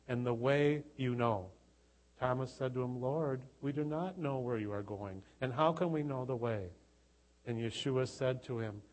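A man in the middle of a Bible sermon, reading passages aloud and explaining them in an earnest teaching voice. His pitch sits in an ordinary middle range, and he often climbs into louder, emphatic preaching. Now and then he restarts or repeats a word as he gathers his thought. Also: poor audio. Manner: restarts and repeats words while thinking.

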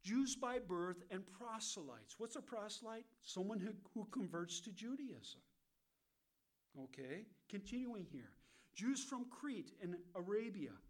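American man, high-pitched, Bible teacher, asks questions and answers them himself, keeps saying okay. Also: lively intonation, unhurried. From United States. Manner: keeps checking in with "okay?" and "all right?".

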